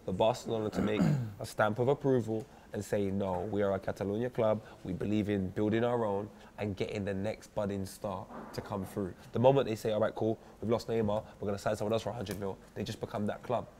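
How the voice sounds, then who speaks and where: A man's voice: fairly low pitch, steady tone, a little fast, few pauses, mellow, a little hiss or hum. A man co-hosting a casual football debate in an office, opinionated and full of street slang. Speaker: co-host.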